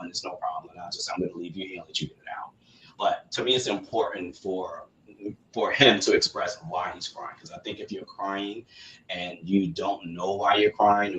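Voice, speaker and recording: Low-voiced guy on a podcast, calm and thoughtful, echoey room with a little hiss. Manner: calm, reflective, explains at length. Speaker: podcast guest. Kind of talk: casual podcast conversation. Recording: roomy with faint background noise.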